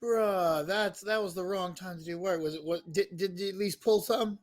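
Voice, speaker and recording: A man's voice: high voice, brisk. A male podcast co-host in casual comedic chat, teasing and laughing often.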